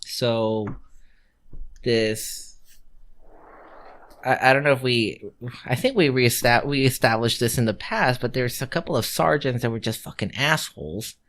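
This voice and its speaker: A man's voice: mid-range voice, unhurried, long pauses, fairly bright tone. A man co-hosting a podcast, telling a story in casual chat, swearing freely, laughing, and acting out the people he quotes. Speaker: podcast co-host.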